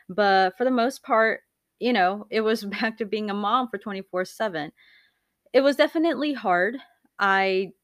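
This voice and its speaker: A woman in her thirties hosting a podcast, telling candid rambling stories with frequent laughs and loud acted-out quotes. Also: medium pitch, no room sound, studio quality. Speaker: podcast host. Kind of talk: casual chat.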